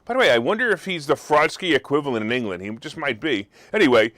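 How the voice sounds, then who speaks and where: A man hosting a markets talk show, talking in a sarcastic, animated way, now and then bursting into loud mock outrage. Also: on the high side, quick pace, no room sound, studio quality. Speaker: host. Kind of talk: opinionated market commentary.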